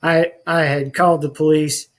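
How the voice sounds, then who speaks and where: A man's voice: fairly high pitch, level tone, normal speed, low-quality recording. A man, a podcast guest telling his life story in an earnest, rambling way with many restarts. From rural northwest Missouri.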